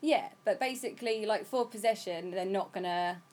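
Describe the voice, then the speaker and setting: A woman's voice: mid-range voice, normal speed, a little mellow. Giggly easygoing british woman. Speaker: podcast co-host. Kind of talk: casual chat.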